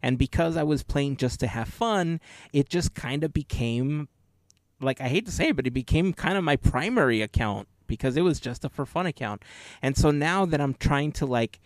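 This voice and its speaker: With a slightly high voice and lively intonation at normal speed, a man hosts a podcast, rambling casually through stories and restarting often as he corrects himself. The studio-quality audio has no room sound.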